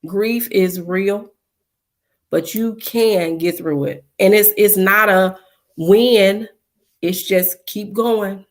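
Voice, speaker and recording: A woman speaking very slowly on a video call, giving earnest testimony as a mother. Her mid-pitched voice is steady and full of faith, and she weaves in quoted scripture. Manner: slow, earnest, faith-filled, quoting scripture. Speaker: bereaved mother on a panel. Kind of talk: personal testimony.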